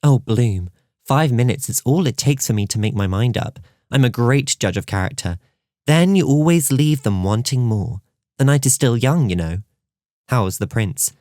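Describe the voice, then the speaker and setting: Man doing a high, gushing princess, vain and flirty, lively swoops, dry close sound, audiobook reading. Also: moderate pace, no room sound, lightly acted. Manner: gushing, theatrical.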